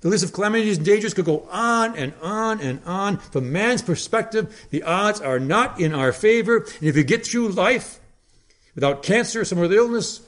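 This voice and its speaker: A male preacher delivering a sermon with a fairly high voice. He builds his points with dramatic pauses and emphasis, then drops suddenly to a near hush. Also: lively intonation.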